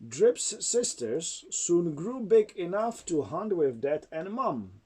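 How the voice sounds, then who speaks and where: Dad reading a picture book out loud at home, slow, lilting, mellow voice, czech first language. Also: male voice, high-pitched, big pitch swings, husky. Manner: slow, sing-song storytelling. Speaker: father reading to his child. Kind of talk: reading a storybook aloud.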